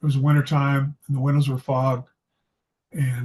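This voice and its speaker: A man's voice: mid-range voice, level tone, moderate pace, a little mellow, slight background noise. A man from Idaho telling a personal story from his school days in a casual, self-deprecating way. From Idaho, USA. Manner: anecdotal, self-deprecating humor. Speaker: storyteller, psychology video host.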